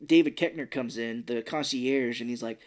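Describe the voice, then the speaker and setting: A man's voice: mid-range voice, normal speed. A man in casual podcast chat, retelling movie scenes and quoting the characters in put-on voices, with casual swearing and laughter. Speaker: podcast co-host.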